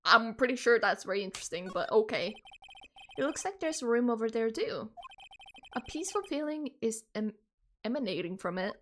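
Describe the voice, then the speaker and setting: A woman's voice: fairly high pitch, lively intonation, brisk, a bit bright, a little hiss or hum. A woman streaming a game, reading its text aloud and joking with her chat. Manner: chatty, jokey, talks to chat.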